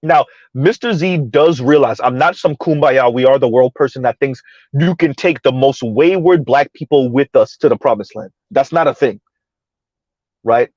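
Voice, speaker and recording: A man's voice: mid-range voice, moderate pace, darkish tone, no echo, highs cut off. A man giving heated, mocking commentary in a ranting style, his voice jumping up sharply for emphasis. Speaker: online commentator.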